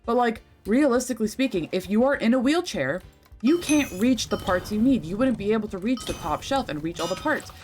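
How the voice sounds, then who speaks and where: A woman's voice: on the high side, animated, a little fast, darkish tone, soft background music. A young woman streaming a game, rambling and chatty, swearing freely as she talks. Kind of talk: casual livestream chat while gaming.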